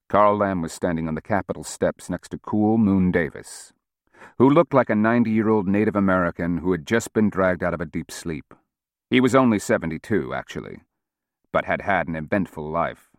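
A man reading a novel aloud as narrator, with an expressive delivery. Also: sits low, normal speed, no room sound, clean studio sound. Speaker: audiobook narrator.

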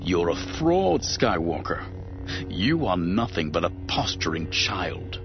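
A man's voice: low voice, big pitch swings, takes it slowly, lo-fi sound, over music, voice pushed down, exaggerated voice. A man voicing a cold, scornful elderly male Sith lord who taunts his young opponent with contempt. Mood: taunting.

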